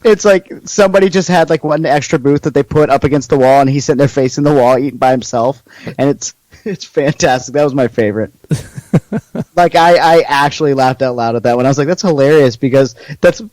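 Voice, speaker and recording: A man's voice: medium pitch, brisk, darkish tone, no echo, low-quality recording. A man co-hosting a casual podcast, joking about himself and laughing a lot as he talks. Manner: easygoing and self-mocking, frequent laughter, filler-heavy. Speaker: podcast co-host. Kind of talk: casual chat.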